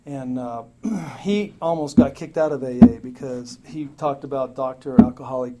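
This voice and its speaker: A man's voice: medium pitch, animated, moderate pace, over a noisy crowd, low-quality recording. A man telling his story at a recovery meeting in a rambling, joking, profane way. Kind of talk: casual storytelling talk. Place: meeting room with a crowd. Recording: live meeting talk with audience laughter.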